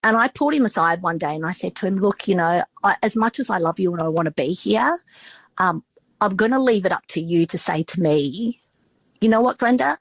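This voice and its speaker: Aussie woman guest, middle-aged, husky gravelly voice, rambly storytelling. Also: fairly low pitch, lively intonation, a little fast, no room sound, rough recording. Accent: Australian. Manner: chatty, full of restarts and quoted dialogue. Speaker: restaurateur and podcast guest. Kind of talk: casual interview storytelling.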